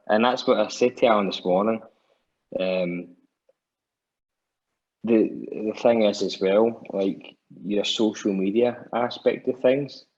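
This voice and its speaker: Scottish guy rambling and swearing, kinda husky, dull lo-fi sound. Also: on the low side. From Scotland. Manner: chatty, swears freely, lots of restarts. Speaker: musician guest. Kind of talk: casual storytelling chat. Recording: dull lo-fi podcast audio.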